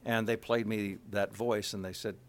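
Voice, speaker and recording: Middle-aged man, a voice actor, with a lower, gravelly voice and lively delivery. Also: normal speed. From Kansas City, USA. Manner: animated, full of filler words. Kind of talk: casual interview talk.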